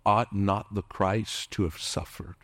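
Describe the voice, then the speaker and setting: Middle-aged male pastor, lowish voice, dry close sound; impassioned preacher who drops into whispers. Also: steady tone, slow pace, dry recording. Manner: impassioned preaching, dropping at times to a hushed whisper; calls out to the congregation for responses. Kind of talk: sermon.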